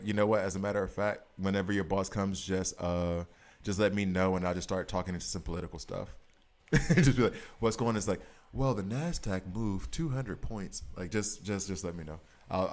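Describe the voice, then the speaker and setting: A man in his thirties streaming a mobile game, chatting casually and joking with his chat. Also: sits low. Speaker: gaming streamer. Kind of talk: casual live-stream commentary.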